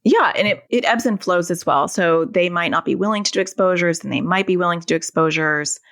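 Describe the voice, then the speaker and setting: A woman speaks low, with a gravelly, creaky texture. She is a therapist guest on a podcast, explaining ideas through everyday examples. The recording is dry and close, with no room sound. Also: brisk, a bit bright, no echo. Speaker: anxiety and OCD therapist, guest.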